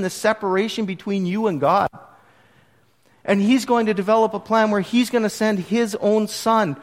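A man with a slightly raised pitch preaches a sermon. He retells scripture and reads verses aloud, moving between hushed asides and emphatic lines. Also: long reverb tail. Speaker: pastor.

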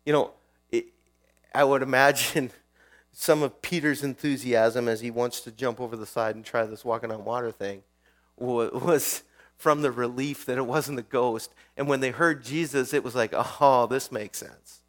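A man's voice: mid-range voice, steady tone, moderate pace. A male pastor preaching a sermon in a conversational way, often putting questions to his listeners.

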